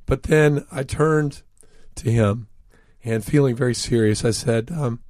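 A man's voice: mid-range voice, a little slow, a little mellow, no echo, clean studio sound. A man, an author and interview guest, telling anecdotes in an earnest, reflective way. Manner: reflective, earnest, recounts dialogue.

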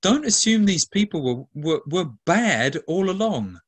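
A man's voice: high-pitched, very animated, a little slow, breathy edge. A man leading a Christian ministry, answering interview questions in an earnest way, often restarting and stacking lists of emphatic words. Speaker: ministry leader.

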